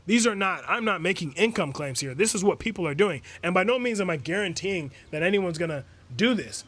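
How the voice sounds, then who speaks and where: Emphatic high-voiced man coaching. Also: animated, brisk, fairly bright tone. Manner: emphatic, repetitive, rhetorical questions. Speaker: business coach. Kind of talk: motivational coaching talk. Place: resort suite.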